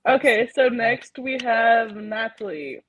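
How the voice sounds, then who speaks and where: A woman hosting a casual healing session, chatty and playful, laughing often and giving gentle guiding instructions. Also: a little high, takes it slowly, a little hiss or hum, low-quality recording. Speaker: healing facilitator and host.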